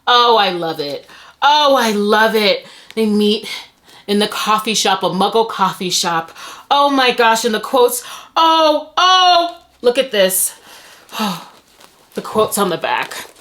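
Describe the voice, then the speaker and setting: A woman's voice: mid-range voice, lively intonation, a little slow, a bit bright. A young adult woman vlogging as she unboxes book mail, gushing with breathless exclamations and stumbling over her words. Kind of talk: excited unboxing chat.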